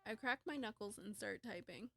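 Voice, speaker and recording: A woman's voice: medium pitch, normal speed, creaky, pushed and bright. A woman streamer reading a dating game aloud with playful, wry asides.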